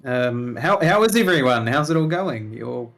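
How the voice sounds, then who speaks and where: A man's voice: medium pitch, animated, moderate pace, creaky, fairly bright tone, faint music behind. A man playing his character in a tabletop game, talking in a wry, joking way. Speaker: player.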